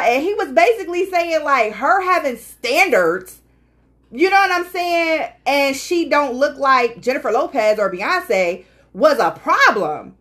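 A woman's voice: sits high, unhurried. A woman co-hosting a casual podcast chat, telling stories animatedly and acting out what others said. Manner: animated storyteller, quotes people in playful voices. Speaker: podcast co-host.

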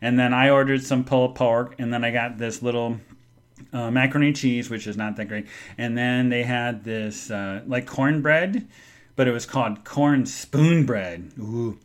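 A man hosting a podcast, telling a story in a casual chat and acting out the people in it with sudden jumps in pitch and loudness. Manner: animated, acts out quoted people with big jumps in pitch and loudness. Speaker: podcast host.

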